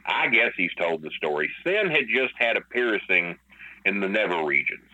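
A man with a lowish but sharp, forceful voice tells a rambling story full of swearing and fillers. He talks casually as a podcast guest. The audio is slightly dull. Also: very animated, moderate pace. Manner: profane, rambling, with many fillers.

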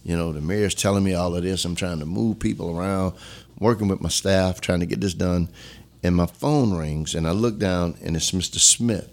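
Mężczyzna w średnim wieku z akcentem z Luizjany, z bardzo niskim głosem, opowiada szczerze i z namysłem w wywiadzie. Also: male voice, normal speed. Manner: earnest, reflective, drops to a low hush when emotional. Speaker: former police chief, guest. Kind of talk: candid storytelling interview.

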